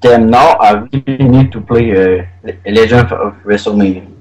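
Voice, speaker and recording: A man's voice: lowish voice, moderate pace, darkish tone, a little hiss or hum, low-quality recording. A male co-host on a radio talk show, adding short remarks in casual chat. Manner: brief interjections.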